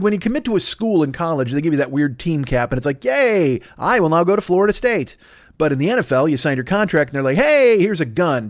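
A man hosts his podcast solo in a loose, swearing, tangent-chasing comic rant. His voice sits a bit high for a man. The recording is dry and close to the mic, with no room sound. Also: dry recording. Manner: profane, rambling, riffing on tangents. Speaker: podcast host.

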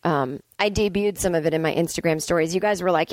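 A woman comic in her forties riffs alone at home, sarcastic and freely swearing as she vents. Her voice sits at an ordinary middle pitch, and the close recording is dry with no room sound. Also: a little fast, no echo. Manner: sarcastic, profane ranting. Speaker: comedian and podcast host. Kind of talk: casual solo monologue.

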